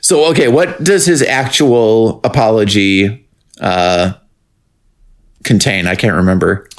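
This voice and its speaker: A man's voice: fairly low pitch, slow pace. A man co-hosting a podcast, chatting casually as he recaps a TV episode, rambling and laughing often. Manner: rambling, laughs often, breaks into silly singing. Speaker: podcast co-host. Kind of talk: casual chat recapping a TV show.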